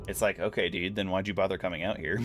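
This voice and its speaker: A man's voice: sits low, steady tone, fast, over music. A man giving casual, rambling gameplay commentary, musing aloud as he plays. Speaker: gaming streamer.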